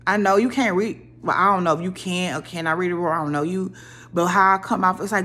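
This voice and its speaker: A young woman casually ranting about a reality show, opinionated and animated, her voice jumping up when she quotes people. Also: medium pitch, brisk. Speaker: reality TV commentator.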